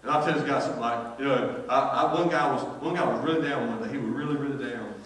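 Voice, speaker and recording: A man's voice: medium pitch, fast, a bit bright. A man preaching a sermon as pastor, telling a folksy story with many repeated words. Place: church sanctuary. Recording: echoey church hall, distant mic.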